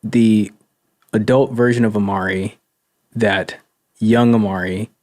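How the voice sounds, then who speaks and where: A man speaking as a podcast guest in casual conversation, animated, swearing often and acting out little voices with laughs. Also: on the low side, slow.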